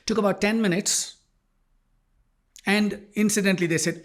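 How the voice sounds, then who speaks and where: Animated male life coach telling a story. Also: on the high side, fast talker, gravelly, slightly rough. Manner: animated, acting out dialogue. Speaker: life coach and podcast host. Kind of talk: storytelling monologue.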